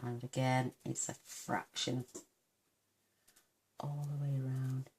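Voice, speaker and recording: A woman from the United Kingdom demonstrating card making, soft-spoken and mumbling to herself, gushing over her work. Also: a bass voice, level tone, slow pace, husky. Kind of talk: crafting tutorial.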